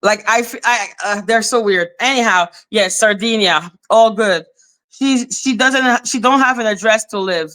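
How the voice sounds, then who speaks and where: A woman's voice: mid-range voice, a little slow, pushed and bright. Blunt woman ranting on a livestream. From Canada. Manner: blunt, profane ranting, greeting chat viewers. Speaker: live-stream host. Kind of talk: live-stream commentary.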